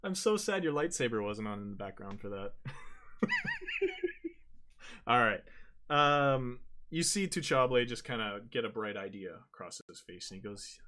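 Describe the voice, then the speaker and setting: A man narrating as dungeon master, halting often and correcting himself as he goes. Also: medium pitch, lively intonation, sharp tone. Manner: halting, frequent restarts and self-corrections. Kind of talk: narrating a tabletop game.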